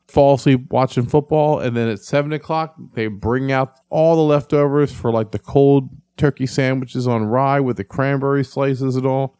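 A man's voice: mid-range voice, mellow, no room sound, clean studio sound. An older man, co-hosting a podcast and telling rambling stories in casual chat, swearing freely. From Philadelphia, US. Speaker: podcast co-host.

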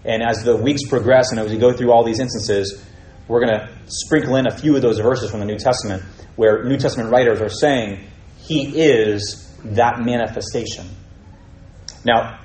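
A man leads a Bible study in an echoey room, reading passages and then explaining them with questions to his listeners. His voice is mellow and of middle pitch. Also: a little hiss or hum. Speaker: Bible teacher.

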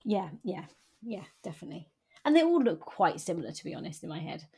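A woman's voice: on the low side, very animated, quick pace, warm tone, husky. A woman co-hosting a podcast, talking about a novel in an agreeable, hesitant way. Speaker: podcast co-host. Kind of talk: casual book chat.

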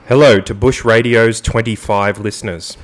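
A man co-hosting a podcast, bantering jokingly and reading a statement aloud in a mock-formal voice. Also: medium pitch. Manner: jokey, laughs often, dry mock-formal reading. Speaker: podcast co-host.

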